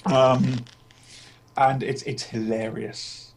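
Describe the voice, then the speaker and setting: A man hosting casually, hesitant with many ums, warmly recommending something. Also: medium pitch, level tone, very slow, a little hiss or hum. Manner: hesitant, lots of ums, enthusiastic. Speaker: host. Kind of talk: casual chat.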